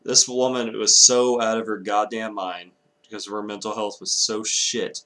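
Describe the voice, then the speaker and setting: Man ranting angrily, low voice. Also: level tone, moderate pace, bright, forceful tone. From Texas. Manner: angry, profane ranting with apologetic asides. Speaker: vlogger. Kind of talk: ranting commentary vlog.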